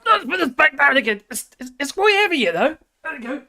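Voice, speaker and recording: Chatty older woman, lively pitch. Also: fast. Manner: rambling, jokey, cheeky, laughs often. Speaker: live stream host. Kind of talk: casual chat with live viewers.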